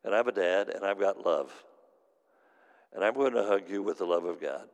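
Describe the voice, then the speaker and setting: A man's voice: deep voice, lively intonation, moderate pace. A man ministering to a gathering, telling a story in an earnest sermon with repeated, emphatic phrases. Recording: long hall reverb.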